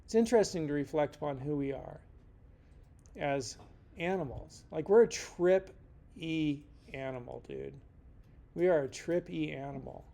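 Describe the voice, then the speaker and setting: Chatty, slangy male instructor, fairly high voice. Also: measured pace, vocal fry, mellow. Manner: rambling and jokey, slangy asides. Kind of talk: casual lecture.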